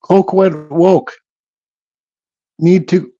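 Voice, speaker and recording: A man's voice: sits high, a little slow, dull audio. A man hosting a casual livestream, chatting easily and reading out viewers' comments while he works in his home workshop. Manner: relaxed, reads chat comments aloud, mumbles. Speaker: livestream host.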